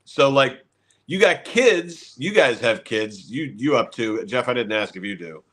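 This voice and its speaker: A man in casual podcast chat, rambling his way toward a punchline. His voice is bright and sits at a middle pitch. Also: lively intonation, unhurried. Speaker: podcast co-host.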